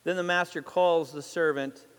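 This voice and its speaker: A man's voice: fairly high pitch, fairly even intonation, moderate pace, a bit bright, smooth, long reverb tail. A man preaching a sermon as a pastor, retelling a parable as a story and putting questions to the congregation.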